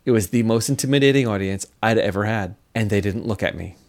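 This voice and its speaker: A middle-aged man, a scientist and speaker, talking casually in an interview and telling lively stories. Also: fairly low pitch, quick pace. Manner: animated storyteller, acts out quotes, laughs often.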